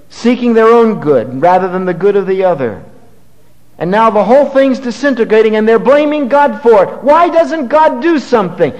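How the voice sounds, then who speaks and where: A man preaches a sermon in a slightly higher voice, reading scripture and pressing his points with rising force. His words carry a long reverb, as if spoken in a large hall. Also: darkish tone, highs cut off. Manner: preaching with swelling emphasis, reading scripture aloud. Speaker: pastor.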